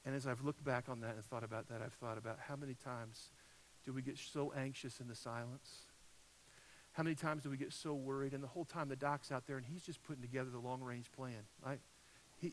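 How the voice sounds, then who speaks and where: A man preaching a sermon, telling a personal story in a conversational way, with loud peaks and soft drops. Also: on the high side, a little hiss or hum, poor audio. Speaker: pastor.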